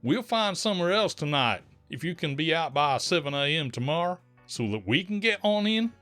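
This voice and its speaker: Casting: man voicing a sweetly polite Southern young mom with an Oklahoma drawl who won't back down, high and sing-song. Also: sing-song, normal speed, sharp tone, no room sound, soft background music. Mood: pleading firm. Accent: put-on Oklahoma Southern. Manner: sugary politeness turning blunt. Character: polite but firm young mother, faux Southern drawl.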